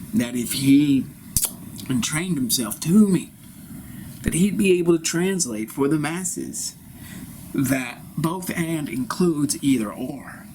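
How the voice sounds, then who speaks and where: A grandiose, self-proclaimed ascended spiritual master, played by a man in a solo improv speaks slowly and pompously, his lofty words sometimes sinking to a whisper. Clear vehicle noise hums behind him. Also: a little high. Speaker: improv performer. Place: inside a vehicle. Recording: noisy recording inside a vehicle.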